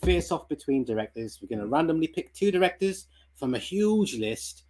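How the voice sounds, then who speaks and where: A man's voice: on the high side, big pitch swings, normal speed, darkish tone, a little hiss or hum. A British man hosting a livestream, explaining the format in a loose, rambling way. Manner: loose, rambling, full of ums and restarts. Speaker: stream host. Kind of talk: casual livestream chat.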